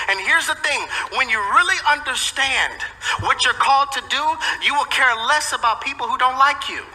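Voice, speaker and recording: A man's voice: very high-pitched, pushed and bright. Emphatic preacher man in echoey sanctuary. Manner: emphatic preaching with repeated phrases. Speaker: pastor. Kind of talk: sermon. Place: church sanctuary. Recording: echoey sanctuary with long reverb.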